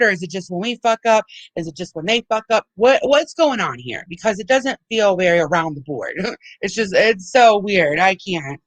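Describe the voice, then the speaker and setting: A woman's voice: mid-range voice, fairly bright tone, dry recording, poor audio. A woman hosting a livestream, ranting heatedly with lots of swearing and repeated restarts. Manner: heated, profane, repeats herself. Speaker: livestream host. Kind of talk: angry livestream rant.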